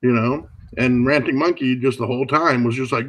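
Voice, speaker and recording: A man talking loosely on a podcast, blunt and quick to swear. He sits at an ordinary middle pitch and keeps it conversational, dropping "dude" into his lines. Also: poor audio. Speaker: podcast co-host. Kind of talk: casual profane chat.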